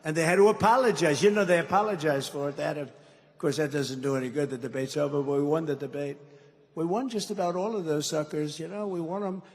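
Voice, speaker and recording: A man's voice: fairly high pitch, fast talker. An older man speaking as a political candidate at a campaign rally, rambling and mocking, teasing the crowd with asides. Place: large rally hall with crowd. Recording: long hall reverb, faint ambience.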